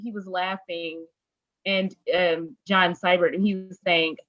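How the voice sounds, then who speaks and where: A woman's voice: fairly low pitch, flat delivery, measured pace, a bit bright, highs cut off. A woman hosting a casual interview, chatty and laughing easily with plenty of fillers. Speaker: interview host. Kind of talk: casual chat.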